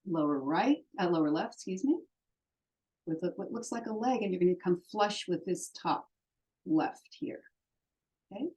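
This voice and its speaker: A woman's voice: lowish voice, darkish tone, poor audio. A woman teaching a lesson, patiently walking through how to write each letter stroke by stroke. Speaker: Hebrew teacher. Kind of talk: step-by-step lesson on writing letters.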